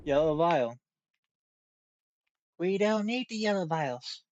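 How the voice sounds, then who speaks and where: A man giving slow, mumbled running commentary while streaming a video game from home. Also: a little high, expressive, a little mellow, dry recording, highs cut off. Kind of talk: casual live-stream commentary. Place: home room.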